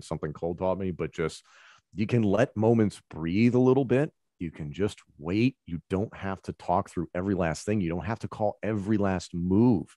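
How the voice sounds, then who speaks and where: A man who works as a wrestling commentator, answering interview questions in a relaxed, conversational way and explaining with examples. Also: sits low, dry recording, studio quality.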